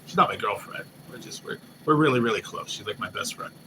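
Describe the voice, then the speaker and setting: A man hosting a live stream, chatting casually and excitably, swearing loosely and often mimicking what others said. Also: on the low side, quick pace. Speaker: livestream host. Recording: noisy background hum.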